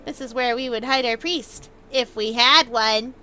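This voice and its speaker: Chatty, bright-voiced young woman gamer. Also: a little high, measured pace, soft background music. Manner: chatty, playful, reads in-game notes aloud in a mock old-timey voice. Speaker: gaming video host. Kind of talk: casual let's-play commentary.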